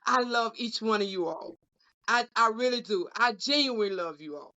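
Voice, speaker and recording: Woman, high bright voice, emotional, preacher-like repetition, muffled lo-fi sound. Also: lively intonation, moderate pace. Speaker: co-host representing a union caucus. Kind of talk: heartfelt closing remarks on a podcast panel. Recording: dull lo-fi audio.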